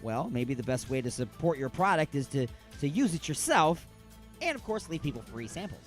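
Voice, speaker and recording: A man's voice: a little high, sing-song, normal speed, faint music behind. A man hosting a radio show, riffing on odd news stories in a rambling, mock-outraged way.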